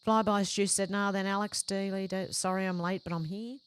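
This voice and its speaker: A woman's voice: mid-range voice, steady tone, normal speed, clean tone. Woman host reading viewer comments aloud. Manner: conversational, reacts briefly between comments. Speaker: livestream host.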